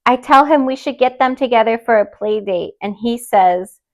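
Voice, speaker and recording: A young woman hosting a podcast, reading listener stories aloud and chatting in an expressive, openly emotional way. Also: on the high side, normal speed, lo-fi sound. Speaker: podcast host.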